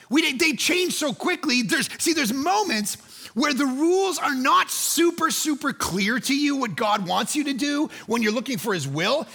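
A man preaching a sermon, telling a story that he acts out with energy and sometimes shouts. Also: extremely high pitch, vocal fry. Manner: lively storyteller who acts out scenes, rising to shouts. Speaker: pastor.

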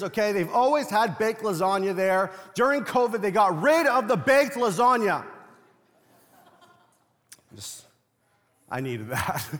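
A man's voice: high voice, a bit bright, in a large hall. A young man preaching a sermon as pastor, talking in a loose, funny storytelling way. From Latino family. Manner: conversational, humorous storytelling preacher.

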